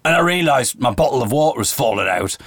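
A podcast host spins a long, casual story, animatedly acting out the voices of the people in it. His voice is mid-range and he talks fast, recorded with studio quality and no room sound.

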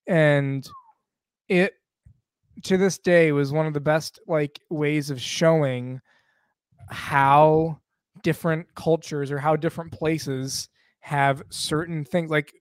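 A man's voice: on the high side, dry recording, studio quality. A man co-hosting a casual podcast chat, rambling and going off on tangents. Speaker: podcast co-host.

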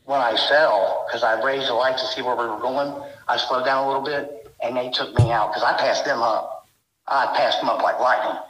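A man with a bright, forceful voice recounts his experience with raw, rambling intensity, leaning on little filler phrases. His voice rings around a roomy, echoing space. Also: mid-range voice, steady tone, moderate pace. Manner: rambling, intense, full of "you know". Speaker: guest recounting encounters. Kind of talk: emotional first-person storytelling.

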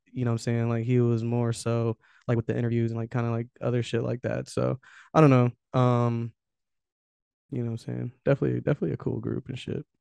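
Man, casual podcast talk, smooth clear voice, dry close mic, rambling fillers. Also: mid-range voice, darkish tone, no echo. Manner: rambling, lots of fillers, laughing. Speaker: podcast co-host.

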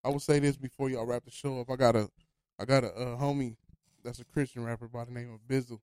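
A Los Angeles man hosts a podcast studio, chatting casually in a loose, rambling way and often checking in with "you know what I'm saying." His voice is mid-range and smooth with a warm tone and fairly even intonation, and he talks fast. The recording is dry.

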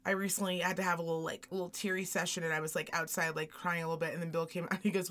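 A woman's voice: on the low side, little pitch movement, rapid-fire, few pauses, a bit bright. A woman co-hosting a podcast, telling candid, comic stories about family life and acting out what people said. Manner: candid, comic storytelling with acted-out quotes. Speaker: podcast co-host. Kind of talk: casual chat.

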